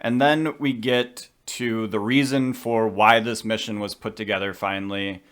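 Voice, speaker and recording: A man's voice: lowish voice, fairly even intonation, fairly bright tone. Chatty opinionated man. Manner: chatty, opinionated, quick asides. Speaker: podcast co-host. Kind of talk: casual film discussion.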